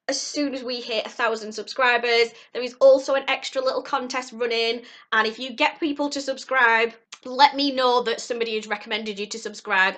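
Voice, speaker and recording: A young woman vlogs from home straight into her camera mic. Her voice sits a touch high and sounds bright and clear, earnest and heartfelt as she rambles encouragement. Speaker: vlogger. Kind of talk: encouraging vlog talk to camera.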